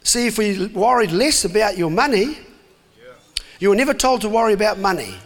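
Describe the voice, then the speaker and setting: A man's voice: sits high, brisk. A man preaching an emphatic sermon, putting questions to his congregation and acting out voices. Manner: emphatic, acts out voices, asks the crowd questions. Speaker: pastor. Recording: long hall reverb.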